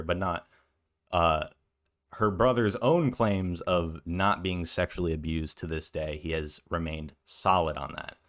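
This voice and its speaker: A man giving blunt, scornful reaction commentary on a video, with sarcastic asides. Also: low-pitched. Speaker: commentary youtuber.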